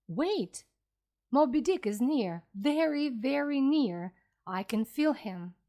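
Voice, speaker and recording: An old, bitter sea captain from a storybook, worn down and fixed on one enemy, as a woman puts him on. He broods heavily and then roars out commands. The voice sits a little high and swings widely in pitch. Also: very animated, slow, exaggerated voice. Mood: intense. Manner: weary and brooding, bursting into loud commands.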